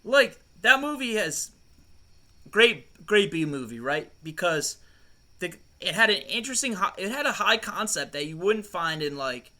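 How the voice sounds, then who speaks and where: A man co-hosting a loose, profane podcast conversation, rambling from thought to thought and laughing easily. His voice sits a bit high and rings very bright. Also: sing-song, measured pace. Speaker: podcast co-host. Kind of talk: casual chat.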